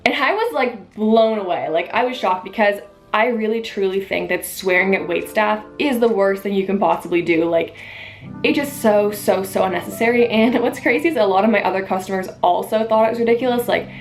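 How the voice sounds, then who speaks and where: A young woman, a waitress, tells a story to camera in a casual, animated way, acting out what people said with lively emphasis. Her voice sits in a mid range. Faint music plays underneath. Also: medium pitch, a little fast. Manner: animated, emphatic retelling with quoted dialogue. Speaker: vlogger, waitress.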